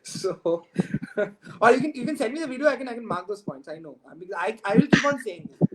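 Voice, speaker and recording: A man's voice: extremely high pitch, lively intonation, fairly quick. Talkative indian english guy in his 30s, telling stories, laughing, noisy clicky audio. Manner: very talkative, laughs often mid-story. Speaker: film director, guest. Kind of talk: casual storytelling.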